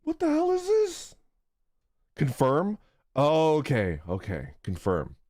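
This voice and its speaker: Man, game streamer, high voice, very lively pitch, laughing and flustered, dry close mic. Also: takes it slowly, no room sound. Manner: laughing often, flustered and joking while struggling to read German menus. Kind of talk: casual gameplay livestream.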